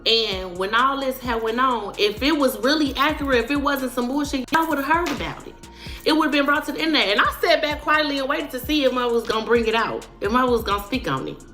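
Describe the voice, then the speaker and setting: A woman's voice: sits high, a little fast, fairly bright tone, faint music behind. A woman in a played clip telling a story in casual, slangy, dismissive speech. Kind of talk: storytelling in a video.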